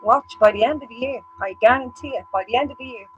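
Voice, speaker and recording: A woman's voice: on the high side, fast talker, muffled recording, a little hiss or hum. A woman co-hosting a casual chat show, blunt and sweary, acting out what others say about her. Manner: blunt, sweary, animated, acts out other people's remarks. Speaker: co-host.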